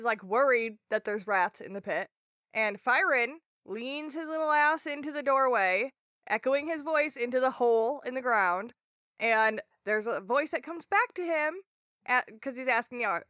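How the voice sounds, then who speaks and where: Bright, animated sarcastic woman. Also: on the high side, smooth, dry recording, studio quality. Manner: blunt, sarcastic, swears freely. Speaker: podcast co-host. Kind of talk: casual book discussion.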